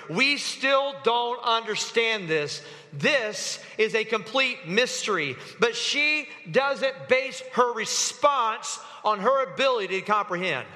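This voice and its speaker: High, bright-voiced preacher in a reverberant hall. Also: male voice. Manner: animated, calls the congregation to read along. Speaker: pastor. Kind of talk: sermon. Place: church sanctuary.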